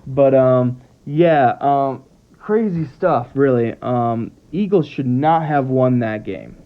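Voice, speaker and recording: Male sports vlogger, mid-range voice, rambling and animated, tinny phone-quality audio. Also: medium pitch, takes it slowly. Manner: rambling, animated, trips over words. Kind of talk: casual football commentary. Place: at home with his dogs.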